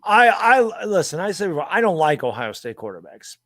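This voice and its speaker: A blunt man co-hosts a casual football chat, firing off rhetorical questions and mild curses. His pitch sits a little high for a man. The recording is dry and close. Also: very animated, brisk, fairly bright tone, dry recording. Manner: blunt, rhetorical, swears mildly. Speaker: sports show co-host.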